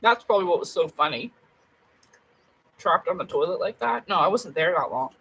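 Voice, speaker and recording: A woman's voice: lowish voice, lively intonation, a little fast, a bit bright, breathy edge, poor audio. A woman chatting casually to camera at home, blunt and rambling, with plenty of swearing. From Canada. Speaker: vlogger.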